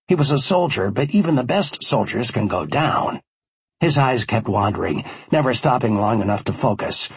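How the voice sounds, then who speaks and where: A man's voice: medium pitch, lively intonation, moderate pace, breathy edge, dry recording. A man narrating a first-person audiobook in a wry, conversational storytelling manner.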